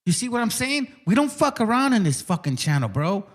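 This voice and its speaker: A man's voice: high voice, very animated, a little fast, fairly bright tone. Host, male, heated rant; aggressive, mocking delivery in a slightly raised voice. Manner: combative, profane, mocking. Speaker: channel host.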